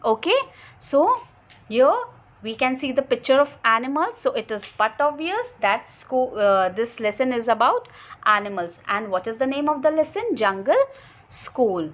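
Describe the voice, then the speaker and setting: Teacher lady explaining a kids lesson, high and very up and down. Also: very animated, dull audio. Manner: explains slowly, asks and answers own questions. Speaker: primary school teacher. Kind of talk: online class lesson.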